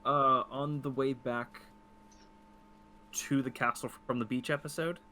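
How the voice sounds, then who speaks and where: A man's voice: mid-range voice, fairly even intonation, a little slow, sharp tone, slight background noise. A man playing a tabletop role-playing game, thinking aloud with plenty of hesitations. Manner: hesitant, many fillers when narrating his character. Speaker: player. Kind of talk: casual tabletop game chat.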